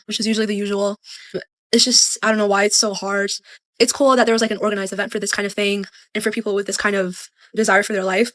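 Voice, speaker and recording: A woman's voice: medium pitch, a bit bright, dry recording. A woman in her twenties vlogging earnestly and sounding discouraged. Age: 20s. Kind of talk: vlog.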